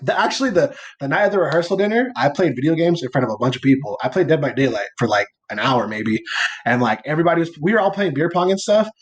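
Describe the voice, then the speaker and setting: A man's voice: a little high, animated, fast talker. A young man co-hosting a podcast, telling a story in a loose, rambling way, leaning on filler words and casual swearing. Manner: rambling storytelling, heavy use of "like" and "or whatever"; laid-back and playful, swearing casually. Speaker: podcast co-host. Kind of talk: casual chat.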